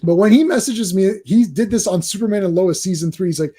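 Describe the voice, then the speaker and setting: Podcast host, male, high mellow voice, chatty storyteller who acts out friends' lines. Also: fast, hardly any pauses. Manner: animated storytelling, stumbling restarts, mimics friends' lines. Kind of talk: casual chat.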